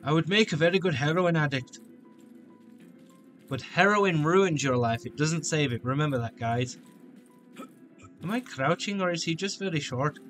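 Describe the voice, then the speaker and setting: A man's voice: fairly high pitch, expressive, moderate pace, pauses often, fairly bright tone, faint music behind. A man giving joking let's-play commentary, full of crude banter. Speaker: gaming video host.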